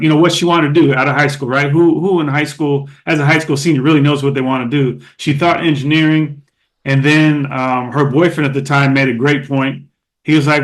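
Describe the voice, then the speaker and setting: A middle-aged man from Oakland, a former ballplayer, telling stories as a podcast guest in a lively, casual way with many fillers and restarts. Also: fairly high pitch. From Oakland, California. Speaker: guest, former baseball catcher. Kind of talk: casual storytelling interview.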